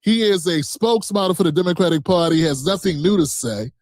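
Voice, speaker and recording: A man's voice: sits high, fast talker, a little mellow, dry recording, clean studio sound. A man streaming a reaction, talking back to a clip in a combative, profane, mocking way. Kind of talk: heated reaction commentary.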